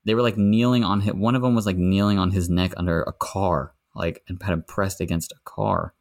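A man, a podcast guest, telling a story in casual chat and getting heated and animated as he goes. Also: fairly quick, vocal fry. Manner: animated storytelling, rising pitch when indignant.

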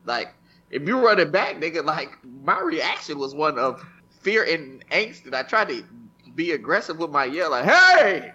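A man co-hosting a podcast in casual chat, telling animated, profane stories. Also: fairly high pitch, moderate pace, muffled recording, slight background noise. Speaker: podcast co-host.

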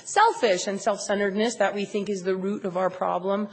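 Animated woman in an echoey hall. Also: mid-range voice, a little fast. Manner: animated, acts out her own inner voice. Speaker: recovery meeting speaker. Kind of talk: personal testimony talk. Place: large convention hall. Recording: echoey convention hall recording.

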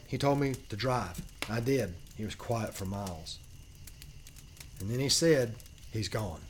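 A man narrating a first-person paranormal story as a podcast host, earnest and emphatic with dramatic pauses. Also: mid-range voice, a little hiss or hum.

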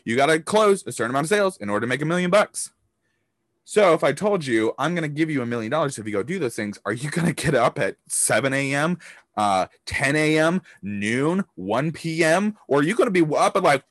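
A man's voice: fairly high pitch, lively intonation, fairly quick, fairly bright tone, dry recording, clean studio sound. A man hosting a motivational business podcast, talking emphatically, swearing casually and acting out hyped-up voices. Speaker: podcast host and business coach.

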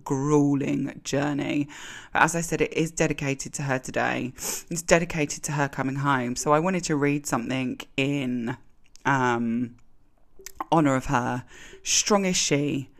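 A woman's voice: low voice, steady tone, slow pace. A British woman hosting a casual solo podcast, talking in a candid, heartfelt way and swearing freely. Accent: British English. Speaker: podcast host.

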